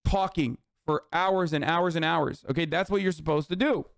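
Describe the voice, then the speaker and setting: A man's voice: fairly high pitch, moderate pace, dry recording, studio quality. A man in his thirties ranting angrily about politics on a live stream, cursing and sarcastic, reading chat messages aloud. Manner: profane, heated, sarcastic, reads chat aloud. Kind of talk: angry political rant on stream.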